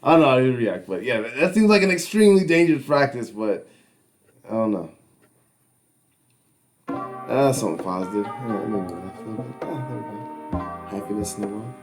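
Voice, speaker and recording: A man's voice: medium pitch, animated, a little fast, pauses often, music in the background. A man co-hosting a podcast in casual chat, telling stories in a rambling way and laughing often. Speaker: podcast co-host.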